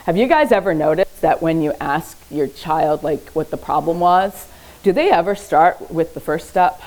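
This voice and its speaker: In a public library event room, a woman therapist leads an informal, educational parenting talk. She speaks in a fairly low, slightly mellow voice, captured on poor audio. Her style is conversational and lightly humorous, and she often checks in with listeners by saying "okay?"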